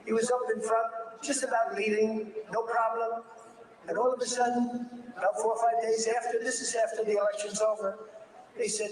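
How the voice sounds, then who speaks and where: A man's voice: sits high, fairly even intonation, a little fast. An older man giving an off-the-cuff political speech, rambling and repeating himself as he digresses. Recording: distant echoey room with background noise.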